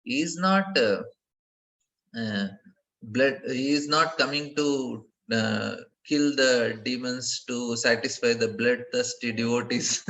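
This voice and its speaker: A man giving a devotional class lecture, earnest, often repeating phrases and laughing softly between points. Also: mid-range voice, poor audio. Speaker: speaker giving a scripture class.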